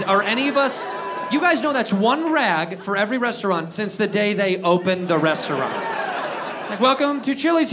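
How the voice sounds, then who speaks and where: A male stand-up comedian with a rambling, self-deprecating delivery and frequent restarts. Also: sits high. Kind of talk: stand-up routine. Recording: live club with clear background noise.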